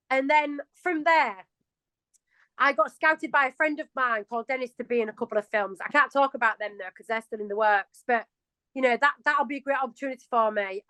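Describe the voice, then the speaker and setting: A woman's voice: sits high, sharp tone, no room sound, rough recording. A woman of forty-one with a Yorkshire accent, a chatty and self-mocking interview guest who laughs often. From England. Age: 40s. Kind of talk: casual interview chat.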